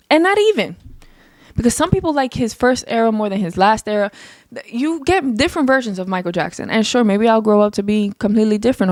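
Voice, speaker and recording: A young woman talking on her own show with a loud voice that carries, blunt and emphatic, words piling up fast. Her pitch sits in an ordinary middle range. The sound is dry and close, with no room around her. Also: no room sound. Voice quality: naturally loud voice that projects. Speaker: podcast host. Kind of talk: casual solo chat.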